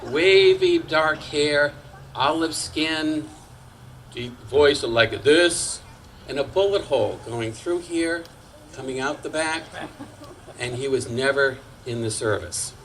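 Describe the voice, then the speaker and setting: A man in his sixties from Massachusetts, telling a personal story on stage at a community storytelling night in a lively, wry manner. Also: fairly high pitch, slow pace, a little hiss or hum, poor audio. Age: 60s.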